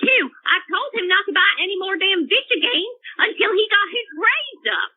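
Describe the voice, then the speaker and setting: A performer voicing an irate mother calling into a comedy show, shrill and indignant, ranting nonstop. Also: animated, moderate pace. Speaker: caller. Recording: tinny phone line.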